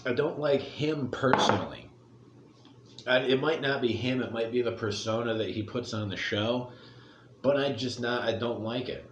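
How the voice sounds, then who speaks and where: A man's voice: mid-range voice, normal speed, noisy background. Blunt, rambling middle-aged man in an echoey room. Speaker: commentary vlogger. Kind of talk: casual opinion rant.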